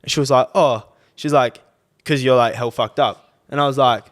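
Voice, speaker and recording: A man's voice: medium pitch, steady tone, moderate pace. A young Australian man co-hosting a podcast, telling a rambling, sweary story in casual chat. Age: young adult. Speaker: podcast co-host.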